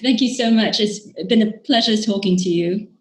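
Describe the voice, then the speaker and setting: Speaking at a medium pitch in a reverberant space, a female expert guest answers podcast interview questions in a measured way, often using fillers and restarting sentences.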